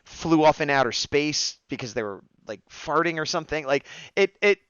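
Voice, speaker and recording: A man's voice: fairly high pitch, normal speed, clear, resonant tone, no room sound, highs cut off. Man animatedly recapping a show. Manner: animated recapping, acts out characters' lines. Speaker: podcast host reviewing episodes. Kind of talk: casual chat.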